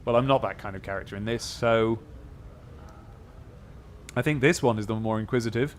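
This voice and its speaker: A man's voice: fairly low pitch, moderate pace, pauses often, slight background noise. A man playing a role-playing game, reading its text aloud and thinking through his choices in a casual, musing way. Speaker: let's play host.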